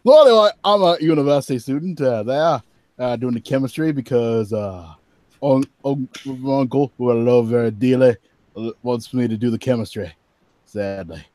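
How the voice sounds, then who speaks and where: A man's voice: medium pitch, moderate pace, mellow, dry recording, natural voice. A man voicing a young male university student, dreamy and flustered, with a put-on English accent and a stammering, pleading way of talking.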